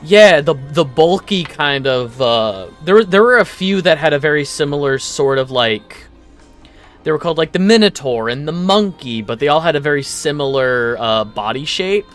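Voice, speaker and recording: A man giving casual let's play commentary, rambling excitably and swearing casually. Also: on the high side, normal speed, soft background music. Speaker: gaming YouTuber.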